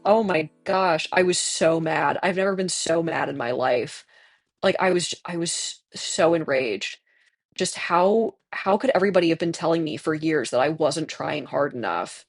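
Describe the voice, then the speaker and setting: A streamer in their twenties, hoarse from tonsillitis, chatting candidly with viewers and laughing often while playing a game. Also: medium pitch, normal speed, no echo, soft background music. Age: 20s. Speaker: livestreamer reading chat.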